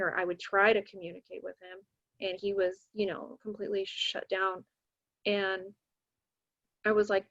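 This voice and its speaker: A young woman, a math teacher, telling a story in casual podcast talk and acting out the voices of the people she quotes. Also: mid-range voice. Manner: animated, acts out quoted voices. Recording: dull lo-fi recording.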